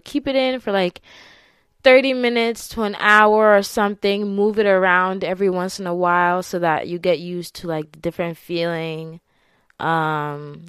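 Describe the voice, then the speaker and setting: A woman's voice: on the low side, smooth, no room sound, studio quality. A young woman telling a personal story to her viewers in a candid, chatty way, with frequent laughs and filler words. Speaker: vlogger. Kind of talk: casual confessional storytelling to camera.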